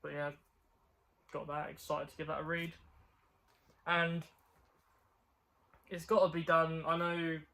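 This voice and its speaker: Rambling young man, flat tone. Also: a little high, takes it slowly, pauses often. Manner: rambling, filler-heavy, repeats "like". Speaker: comic book vlogger. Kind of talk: casual haul chat.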